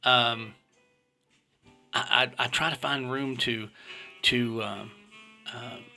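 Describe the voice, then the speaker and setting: Blunt vlogger, man in his fifties, gravelly and forceful, casual monologue. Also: medium pitch, steady tone, takes it slowly, soft background music. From United States. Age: 50s. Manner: blunt and opinionated.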